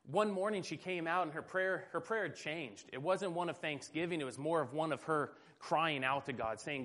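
A man's voice: fairly high pitch, a little fast, hardly any pauses, a bit bright. A man preaching a sermon, telling stories in a casual, conversational way with self-deprecating humor.

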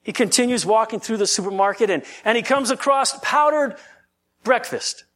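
A man preaching a sermon, reading scripture slowly and then talking it through in a conversational way with frequent restarts. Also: very high-pitched, a bit bright. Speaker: pastor.

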